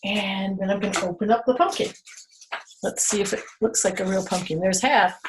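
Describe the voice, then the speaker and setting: A woman presenting a children's museum storytime and craft. She tells the story playfully, dropping to hushed whispers, then gives gentle step-by-step craft instructions to children from a table. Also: medium pitch, moderate pace, background noise. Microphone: camera she moves herself.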